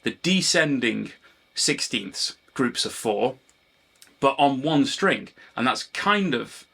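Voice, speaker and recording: A man's voice: mid-range voice, lively intonation, slow, gravelly, pushed and bright, husky. A man, a guitar teacher and channel host, chatting casually to camera, wandering off topic and apologising for it. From Britain. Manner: digressive, self-deprecating, often apologises for rambling. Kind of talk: rambling casual chat to camera.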